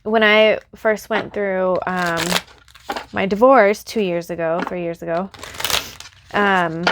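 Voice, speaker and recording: A woman in the middle of a tarot reading, talking straight to her viewer in an earnest, reassuring voice at an ordinary middle pitch. She sounds close to tears. Faint noise and the soft clicks of shuffled cards sit behind her. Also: steady tone, takes it slowly. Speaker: tarot reader.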